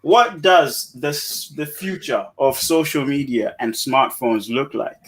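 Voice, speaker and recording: A man's voice: medium pitch, lively intonation, a little slow, fairly bright tone. A man hosting a panel discussion who moves the talk along and reads out viewer comments. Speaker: host.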